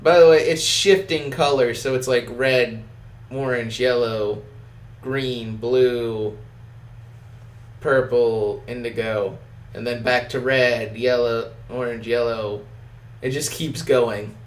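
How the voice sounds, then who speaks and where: A man's voice: medium pitch, steady tone, takes it slowly. A man running a tabletop game as game master, laid-back and laughing often. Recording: roomy audio from off-mic.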